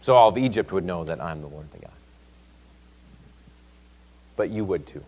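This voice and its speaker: Low-voiced male Sunday school teacher, chatty, builds emphasis, long church-room reverb. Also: animated, normal speed, darkish tone. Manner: conversational, reads scripture aloud with rising emphasis. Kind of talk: Bible class teaching. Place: church classroom.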